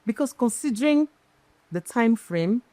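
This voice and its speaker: A woman's voice: fairly high pitch, lively intonation, a little slow, warm tone, no echo. Woman, event-planner guest, emphatic storyteller, dry close sound. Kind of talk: casual interview chat.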